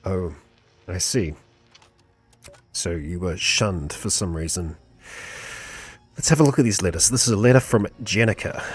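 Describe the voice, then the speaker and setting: Husky-voiced man, laid-back game commentary. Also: lowish voice, a little slow, pauses often, faint music behind. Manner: relaxed, chatty, thinking aloud, chuckles between lines. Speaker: streamer. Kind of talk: casual gameplay commentary.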